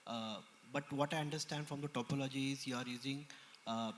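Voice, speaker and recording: A man's voice: medium pitch, fairly even intonation, fairly quick. A man in a conference audience asking a presenter persistent technical follow-up questions. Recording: reverberant conference hall, faint noise.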